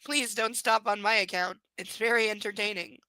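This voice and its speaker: A woman's voice: medium pitch, fairly even intonation, moderate pace, pushed and bright, no room sound, close to an everyday voice, low-quality recording. A woman reading as a possessive young rich man. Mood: cool possessive. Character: controlling young male billionaire, cool and possessive.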